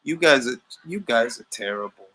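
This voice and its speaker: On his boxing talk livestream, the host clowns around, talks in casual slang, and keeps coming back to his catchphrases. His mid-range voice is expressive, pushed, and bright, moving at a moderate pace over a rough recording.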